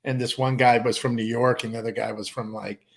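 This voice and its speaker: A man's voice: medium pitch, a little fast, vocal fry. A middle-aged man co-hosting a casual live stream, telling stories with lots of acted-out voices. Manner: animated storyteller, acts out voices. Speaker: co-host. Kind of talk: casual chat.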